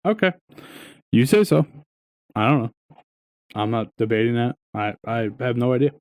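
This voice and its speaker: A young adult man co-hosting a podcast, telling stories in a casual, profane, animated way, full of "dude" and "right?". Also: mid-range voice, moderate pace, no echo. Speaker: podcast co-host. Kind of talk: casual storytelling chat.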